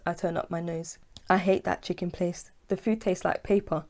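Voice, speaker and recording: A woman reads her own novel aloud in an audiobook. She tells it in the first person at an easy, unhurried pace. Her voice sits low and sounds dark and mellow. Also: flat delivery. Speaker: author and narrator. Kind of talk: audiobook reading.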